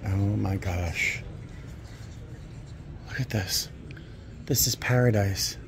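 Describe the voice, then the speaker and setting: A man with a low, gravelly voice drawls slowly through a vlog as he browses antique shops. He gushes and muses aloud, often sinking into a soft near-whisper, with faint shop murmur behind him. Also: background noise. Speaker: vlogger. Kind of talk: casual vlog narration while shopping.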